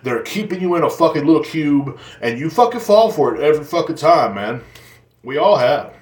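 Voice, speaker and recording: A man's voice: on the high side, lively intonation, normal speed, a little mellow. Profane rambling man in a roomy room. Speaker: podcast host. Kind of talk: casual solo rant. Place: seated indoors in a chair.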